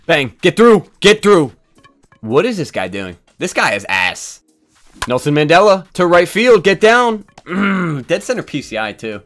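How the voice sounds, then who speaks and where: A man giving excited live commentary on his own video game match, swinging from low muttering to loud yelling and swearing often. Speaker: gaming YouTuber.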